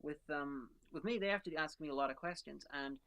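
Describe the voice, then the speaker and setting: A woman's voice: deep voice, a little fast. A woman co-hosting a podcast, chatting casually and recounting a border crossing. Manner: relaxed, conversational, recounts exchanges with officials. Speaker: podcast co-host. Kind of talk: casual chat.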